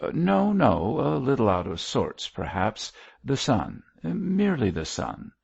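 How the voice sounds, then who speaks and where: A man's voice: medium pitch, sing-song, takes it slowly, vocal fry, a little mellow, breathy edge, muffled recording, voice pushed up, full character voice. A man voicing a suave older bishop in an audiobook, speaking politely but hurriedly. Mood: strained polite.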